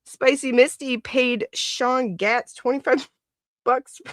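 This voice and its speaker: A woman's voice: high-pitched, steady tone, slow, fairly bright tone, no echo, clean studio sound. A woman hosting a casual livestream, chatting and laughing often as she greets viewers by name. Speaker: livestream host.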